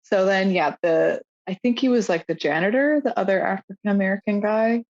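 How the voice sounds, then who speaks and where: A young woman co-hosting a podcast, recapping a show in casual, animated chat full of fillers and swearing. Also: mid-range voice, brisk, lo-fi sound. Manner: animated, swearing, lots of fillers and quoted lines. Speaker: podcast co-host.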